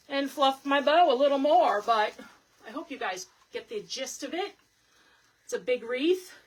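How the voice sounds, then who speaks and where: Upbeat woman hosting a craft livestream. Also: a little high. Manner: chatty and upbeat, thanking viewers as she works. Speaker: host of a live wreath-making stream. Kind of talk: casual livestream chat while crafting.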